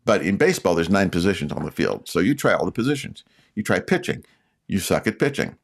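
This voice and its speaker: An older Canadian man with a Canadian accent and a raspy, sore voice, hosting his channel and giving rambling casual advice with many fillers and restarts. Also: low voice, sing-song, brisk. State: sore throat. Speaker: YouTube channel host.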